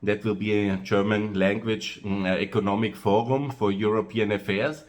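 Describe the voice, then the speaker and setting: A man with an Austrian accent, speaking in a loose, rambling monologue for his own video channel, pausing often on "uh" and repeating himself. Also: lowish voice, fairly even intonation. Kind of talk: monologue to camera.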